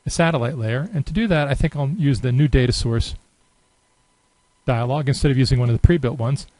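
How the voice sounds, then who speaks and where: A man giving a relaxed, unscripted screen-recorded software tutorial, thinking aloud with many fillers. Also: medium pitch, fairly quick, dry recording, low-quality recording. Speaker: software demonstrator.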